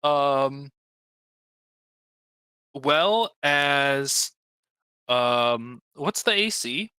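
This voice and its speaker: A man's voice: mid-range voice, drawn-out words, clean tone. A man running a tabletop game as game master, talking with frequent fillers. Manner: animated, lively delivery with frequent fillers.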